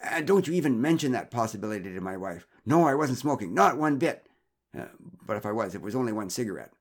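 A man's voice: mid-range voice, animated, quick pace, natural voice. A man voicing a nervous, flustered middle-aged father who is out of breath and rambles with stammers and fillers. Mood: protesting.

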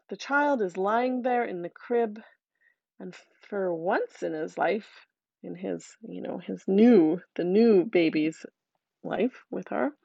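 Woman telling a folktale, slow, gravelly, dry close sound, slightly dull audio. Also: mid-range voice, no room sound. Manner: lively, conversational asides. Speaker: storyteller.

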